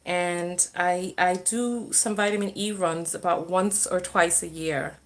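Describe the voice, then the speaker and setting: A relationship and self-love coach runs a relaxed livestream Q&A, answering viewer comments as she reads them. Her voice is low-ish, a bit bright and steady in tone, her pace unhurried, and she often trails off and restarts her sentences.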